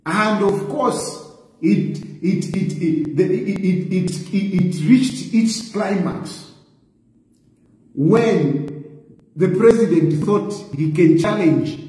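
A man with a Zambian accent giving animated political reaction commentary, firing rhetorical questions. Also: high voice, slow, roomy sound, long reverb tail, low-quality recording. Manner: animated, repeats rhetorical questions, laughs mockingly.

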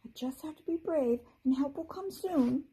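A woman voicing a tiny cheerful female fairy trapped in a shell, pleading in a high voice while reading a storybook aloud. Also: moderate pace, mellow, poor audio. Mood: timid.

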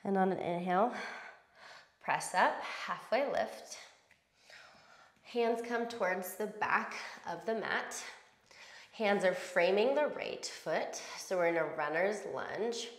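Woman yoga teacher, mid-pitched voice, steady breath cues, roomy sound. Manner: calm, slow cueing of breath and poses. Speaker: yoga instructor. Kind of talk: guided yoga class instruction.

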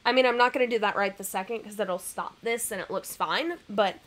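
A woman's voice: mid-range voice, fairly quick, a bit bright. A young woman, chatting casually with her live-stream audience from home, laughing often and poking fun at herself. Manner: bubbly, laughs often, chatty and self-deprecating. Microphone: webcam and computer mic.

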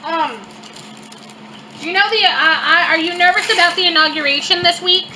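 A woman chatting hesitantly in a casual mukbang vlog, with many pauses and fillers. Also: very high voice, sharp tone, a little hiss or hum, poor audio. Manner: hesitant, filler-heavy talk.

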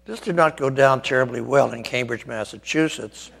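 A man's voice: medium pitch, moderate pace, vocal fry, fairly bright tone, slightly rough, big-room sound. An older man, a Catholic priest, giving an informal guest lecture in a church, rambling a little with wry asides and many ums. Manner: discursive, wry asides, frequent ums and restarts.

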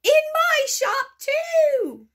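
A woman voicing an excitable fat male shopkeeper who screams and yells with joy. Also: very high voice, a little slow, voice pushed up, full character voice. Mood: ecstatic. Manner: shrieking, overjoyed yelling.

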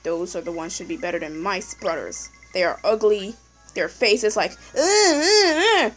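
A young woman commentating her puzzle game casually, excitable, yelling at the game and repeating "no" over and over. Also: lowish voice, normal speed, faint music behind, poor audio. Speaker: gameplay commentator.

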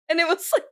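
A woman's voice: pushed and bright, dry recording, studio quality. A woman comedian telling stories on a podcast, rambling and laughing at her own jokes, a bit sleep-deprived. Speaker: comedian guest. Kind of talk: casual comedy podcast chat.

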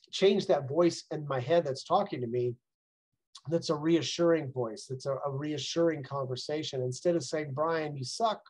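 A man's voice: fairly high pitch, a little mellow, breathy edge, low-quality recording. A middle-aged man, a mindset coach, giving a casual, rambling talk from home, full of "like" and "right?". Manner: conversational, rambling, frequent "right?" and "like".

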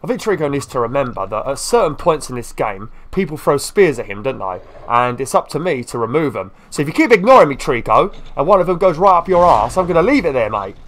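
Exasperated man, lively pitch. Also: brisk, few pauses. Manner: exasperated, swearing, scolding the game creature. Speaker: gaming YouTuber. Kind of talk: let's play commentary.

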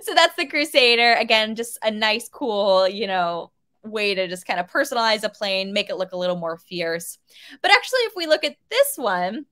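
A woman museum educator giving a friendly, lively virtual lesson that asks questions of young viewers. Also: a little high.

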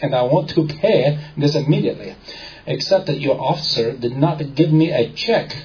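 A man putting on a French accent to play a smug, unflappable rich Frenchman who speaks slowly and with exaggerated courtesy. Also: on the high side, a little mellow, dull audio, pitched above the performer's own voice, lightly acted. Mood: unbothered. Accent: French, put on. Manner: slow, overly formal and courteous.

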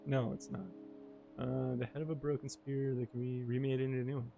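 A man's voice: mid-range voice, flat delivery, fairly quick, gravelly, dark tone. A man giving casual, jokey commentary while he plays a video game, talking to himself as he explores. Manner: chatty, jokey, talks to himself. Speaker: gamer narrating his play. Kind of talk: casual let's-play commentary. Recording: game music behind the voice. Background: game music.

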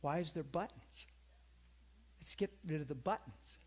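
A man's voice: fairly high pitch, unhurried, slightly rough. A middle-aged man preaching a sermon in a conversational, storytelling way, calling out to his congregation.

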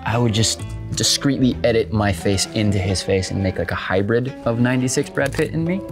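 A man's voice: lowish voice, fairly quick, over music. A man in casual chat as an actor guest, playful and joking with his co-star.

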